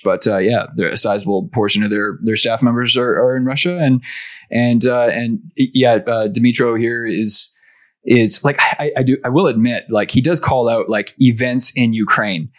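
A man with an average-pitched voice chats casually as a podcast co-host. He talks in a relaxed way, often repeating words and restarting his sentences as he thinks aloud. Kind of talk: casual chat.

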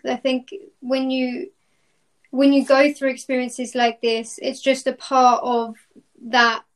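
A woman hosting a podcast interview who speaks reflectively in spiritual terms. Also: on the high side. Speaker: podcast host.

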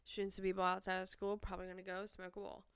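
A woman's voice: medium pitch, completely flat delivery, quick pace, fairly bright tone, clean tone, no echo, clean studio sound. A young woman rambling casually in a vlog, chatty and full of fillers, laughing often. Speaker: vlogger.

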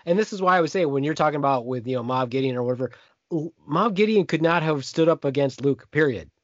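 A man talking loosely on a podcast, swearing often and getting loud. His pitch swings widely and sits a little high. The sound is dull and lo-fi, dry and close. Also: fast, no echo. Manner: loud, profane, animated. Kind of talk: casual podcast chat.

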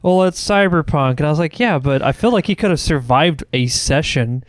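A man co-hosting a podcast, excitable and laughing in casual chat. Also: fairly high pitch, brisk, no echo. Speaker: podcast co-host.

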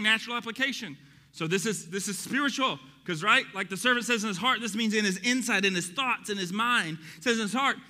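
Bright, high-voiced preacher in a hall. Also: male voice. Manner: animated, joking asides to congregation. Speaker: pastor. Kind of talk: sermon. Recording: reverberant hall.

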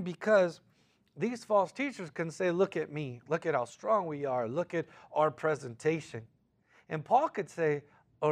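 A pastor with a slightly high voice gives a sermon that feels like a conversation. He's casual and animated, acting out the voices of people he quotes and filling the gaps with frequent fillers.

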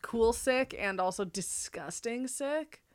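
A woman's voice: a little high, expressive, slow pace, clear, resonant tone. A young woman co-hosting a podcast in casual chat, giggly and rambling, often restarting her sentences. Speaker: podcast co-host.

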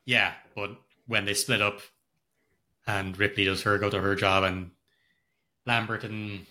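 Bright-voiced man enthusing about a film. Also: on the low side, little pitch movement, a little slow. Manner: enthusiastic, rambling with restarts. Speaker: podcast co-host. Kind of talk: casual film discussion.

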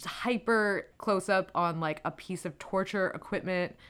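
A woman's voice: on the low side, measured pace, fairly bright tone, clean tone. A woman co-hosting a podcast, chatting casually and enthusiastically about old films, with lots of "like" fillers. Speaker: podcast co-host. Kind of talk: casual film discussion.

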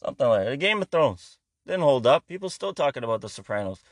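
A man's voice: medium pitch, big pitch swings, fast, dry recording. Foul-mouthed man ranting. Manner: heavy swearing, rambling, sarcastic. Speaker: comedian. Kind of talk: profane comedic rant monologue.

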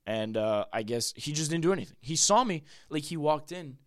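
A man's voice: on the high side, lively intonation, fairly quick. Rambling young man telling a story. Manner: rambling, heavy on "like" and "bro", laughs often. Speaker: podcast guest. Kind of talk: casual storytelling chat.

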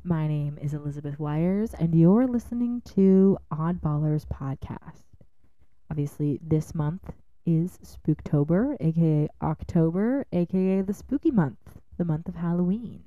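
A woman's voice: low-pitched, a little slow, no echo, phone-quality sound. A woman hosting a podcast, reading a scripted intro and drawing out key words. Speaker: podcast host.

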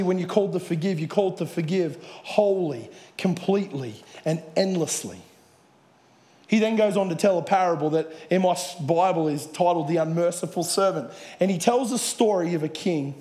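A man's voice: high-pitched, warm tone. Preaching man in an echoey hall. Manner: earnest preaching with Bible readings. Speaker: pastor. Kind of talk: sermon. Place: church hall with audience.

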